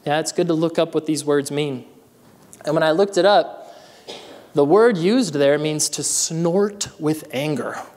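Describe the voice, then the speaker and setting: A man's voice: fairly high pitch, measured pace, a little mellow, long reverb tail. A man preaching a sermon as pastor, reading scripture and then calling out to his congregation with building energy. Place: church sanctuary.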